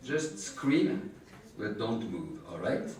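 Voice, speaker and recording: Joking trainer in an echoey room. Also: male voice, fairly low pitch, big pitch swings, slow pace, a little mellow. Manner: joking, teasing with the patient between explanations. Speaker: aesthetic injection trainer. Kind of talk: live hands-on class demonstration. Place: treatment room with an audience. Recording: echoey room picked up from a distance.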